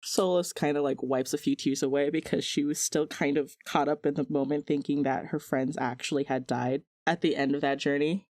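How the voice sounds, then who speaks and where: A woman in a tabletop game speaks bluntly and dryly. Her voice sits very low for a woman. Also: fairly even intonation, brisk, hardly any pauses, a little mellow. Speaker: player. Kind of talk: tabletop role-play.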